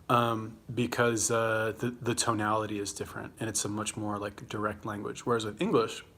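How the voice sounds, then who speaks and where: A man's voice: lowish voice, a bit bright. A young man with a Los Angeles accent hosting a casual livestream, rambling and swearing as he answers viewer comments while eating. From California. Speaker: livestream host.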